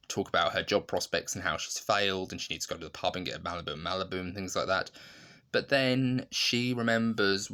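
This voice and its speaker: Deep-voiced man reviewing a sitcom. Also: pushed and bright. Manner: chatty, with frequent fillers and restarts, laughing while retelling scenes. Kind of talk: casual spoken review.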